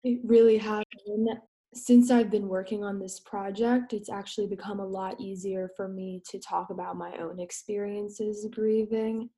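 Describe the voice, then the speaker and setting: A woman interviewer asks questions in a soft, personal way and shares her own experience. Her voice has a mellow, warm tone at a middle pitch. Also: fairly even intonation, normal speed.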